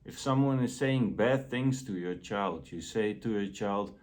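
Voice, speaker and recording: A man with a lowish voice speaks slowly and deliberately, giving a self-help talk. His delivery is gentle and measured, with long pauses between thoughts.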